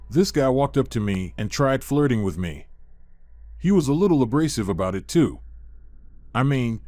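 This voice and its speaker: A man calmly reading a first-person horror story as scripted narration. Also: mid-range voice, dry recording.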